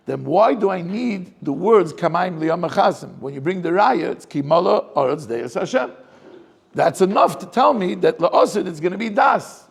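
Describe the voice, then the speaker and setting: Gravelly-voiced rabbi probing a text. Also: male voice, high voice. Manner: probing, asks many rhetorical questions. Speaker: rabbi teaching a class. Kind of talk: Torah class, questioning the text aloud.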